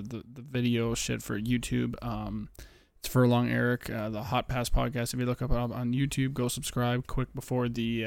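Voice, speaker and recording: A young man talks through his betting podcast from home late at night, keeping his voice down so he won't wake anyone. His gravelly voice sits at an ordinary pitch, close and dry in the recording. He rambles and swears freely, sounding a little out of breath. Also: no echo. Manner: rambling, profane, talking low to keep quiet. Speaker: podcast host. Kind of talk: casual betting podcast chat.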